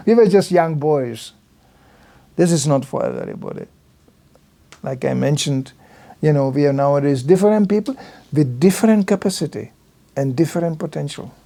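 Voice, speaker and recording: With a dark tone and a pitch on the high side, an older man lectures informally on religion as a temple guest. His anecdotes carry slightly non-native phrasing, and he imitates others' lines by changing his voice.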